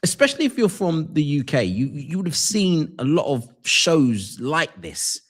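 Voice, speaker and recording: A man co-hosting a live online show, talking in a relaxed, reflective way and sometimes losing his thread. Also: on the high side, moderate pace, husky. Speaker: co-host. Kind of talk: live stream chat show.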